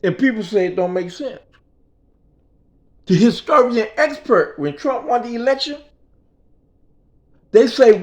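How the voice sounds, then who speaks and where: A man's voice: very high-pitched, expressive, slow, pauses often. A man telling a story in a casual rant, emphatic and profane, in street vernacular. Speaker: vlogger.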